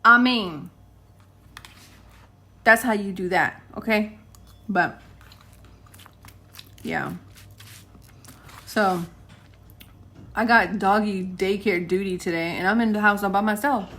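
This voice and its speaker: Bright-voiced chatty young woman. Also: mid-range voice, fairly even intonation, slow, pauses often. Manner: chatty, laughs often, talks to her dogs mid-sentence. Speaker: vlogger. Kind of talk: casual rambling vlog chat. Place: home, indoors.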